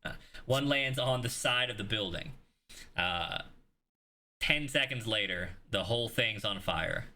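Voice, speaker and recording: Bright-voiced man running a tabletop game. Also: on the low side, animated, a little slow. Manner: rambling, lots of fillers and restarts, casual swearing. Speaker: game master.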